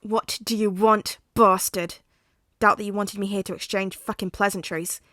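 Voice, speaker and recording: A woman voicing a hot-tempered, foul-mouthed teenage boy who snarls and shouts. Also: medium pitch, steady tone, normal speed, no room sound, clean studio sound, close to an everyday voice. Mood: angry.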